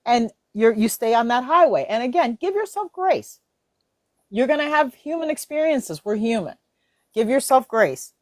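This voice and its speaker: A woman in a casual faith-based discussion, animated and laughing, acting out her own inner voice. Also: fairly high pitch, moderate pace, dry recording.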